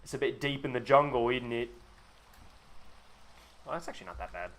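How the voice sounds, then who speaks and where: A man's voice: medium pitch, lively intonation, brisk, fairly bright tone. A man talking casually to his chat on a live gaming stream, rambling, sarcastic and freely profane.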